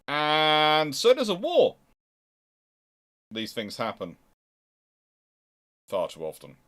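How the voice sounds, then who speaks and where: Male streamer, wry history host, animated pitch, chatty casual delivery. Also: slow pace. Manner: chatty, wry asides, reads chat aloud. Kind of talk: casual livestream history talk.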